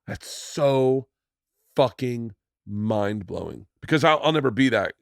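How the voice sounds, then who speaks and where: A man's voice: mid-range voice, lively intonation, takes it slowly, vocal fry, dry recording, studio quality. A middle-aged man hosting a podcast, laughing often, swearing and reacting with enthusiasm. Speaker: podcast host. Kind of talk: casual podcast chat.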